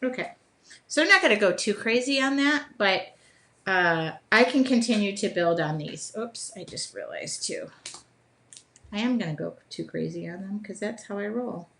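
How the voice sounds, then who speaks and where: A woman's voice: mid-range voice, lively intonation, normal speed, vocal fry, pushed and bright. A woman hosting a live drawing session from her art studio, chatting in an upbeat, self-deprecating way while she draws. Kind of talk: casual live demonstration.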